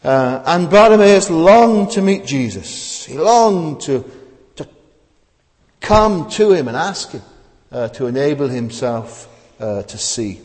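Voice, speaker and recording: A man's voice: on the high side, very animated, slow pace, darkish tone. A man preaching a sermon at a church service, asking the congregation rhetorical questions and often restarting his words. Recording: long reverb of a large hall.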